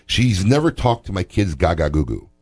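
A man's voice: low-pitched, very animated, normal speed. A male radio talk show host telling a story in casual banter, often tagging lines with "right?".

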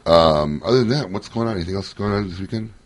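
A man's voice: sits low, fast. A man hosting a radio show, chatting casually, joking and laughing often.

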